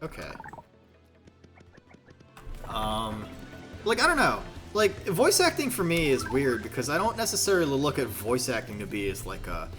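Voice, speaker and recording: A man talks casually while streaming a video game. He rambles and pokes fun at himself, and his bright voice moves freely up and down. Faint music plays behind him. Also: medium pitch, huge pitch swings, moderate pace, pauses often. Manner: rambling, self-deprecating, swears freely. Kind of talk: casual gaming stream commentary.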